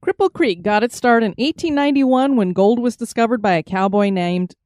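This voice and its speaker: A woman's voice: on the high side, fairly quick, darkish tone, no room sound, studio quality. Teasing woman podcast co-host. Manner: teasing, joking, laughs at own slips. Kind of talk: casual chat.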